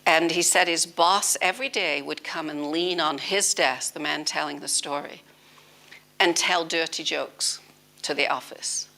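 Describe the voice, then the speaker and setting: A British woman teaching at a spiritual gathering, her voice low with a gravelly edge. She tells lively stories and slips into acted-out dialogue, and her tone stays bright and forceful throughout. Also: measured pace. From Britain. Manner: lively storytelling, laughing, acting out dialogue. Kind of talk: informal spiritual talk.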